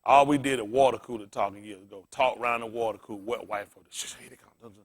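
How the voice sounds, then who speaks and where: A man's voice: mid-range voice, steady tone, fast. A man preaching a sermon as pastor in a plain-spoken, folksy way, calling out to the congregation and asking it questions as he restates scripture.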